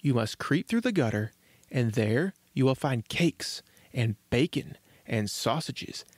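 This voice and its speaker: A man voicing a plucky boy the size of a thumb, speaking high and urgently in a storybook reading. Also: animated, measured pace, darkish tone, dry recording. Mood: sly, cheeky.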